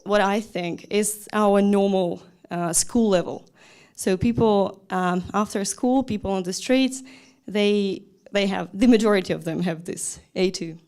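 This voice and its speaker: A woman lectures on learning a language, in a voice of middle pitch. She talks straight to her listeners, asking questions and then answering them herself. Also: darkish tone. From Russia. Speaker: language teacher. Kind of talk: lecture talk.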